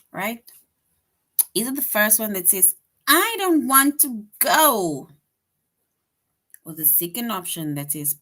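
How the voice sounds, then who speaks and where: A woman teaches an online lesson to young children at an unhurried, deliberate pace. She is patient and repeats herself, keeps checking in with "right?", and reads her example sentences aloud with lively bursts of expression. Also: lowish voice. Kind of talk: online grade-school lesson.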